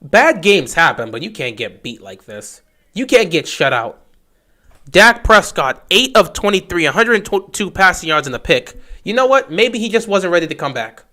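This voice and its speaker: Excitable high-voiced male sports fan. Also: moderate pace. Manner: excitable, talks straight to his team. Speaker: fan livestream host. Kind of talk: fan play-by-play commentary.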